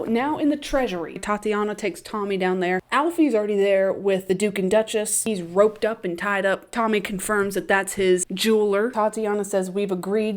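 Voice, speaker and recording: A young woman recapping a TV series in a chatty, animated way, swearing freely and laughing often. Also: medium pitch. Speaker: recap vlogger. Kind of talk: casual recap with profanity.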